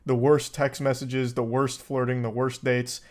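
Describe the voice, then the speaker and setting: A man's voice: mid-range voice, flat delivery, a little slow. A man in his thirties hosting reaction commentary, reading dating texts aloud with incredulous, crude outbursts. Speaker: commentary host.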